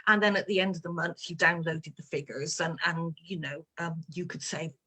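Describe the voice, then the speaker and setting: A woman author from England, with a lowish, husky voice that sounds pushed and bright, answers reader questions at a moderate pace with fairly even intonation. Chatting casually about her life and work, she tells playful stories with plenty of fillers.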